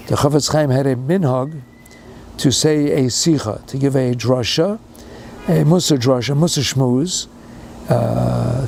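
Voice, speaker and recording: A man's voice: mid-range voice, creaky, darkish tone, slight background noise. An older man giving a storytelling sermon in English sprinkled with Yiddish and Hebrew words, building to emphatic, fervent passages. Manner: retells a story with rising, emphatic fervor. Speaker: speaker giving a Torah talk.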